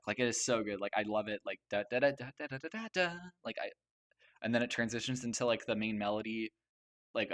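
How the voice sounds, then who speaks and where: A man's voice: fairly low pitch, fairly bright tone. A young man gushing over a soundtrack in casual commentary, stammering and restarting with many fillers. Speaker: video host ranking a game soundtrack.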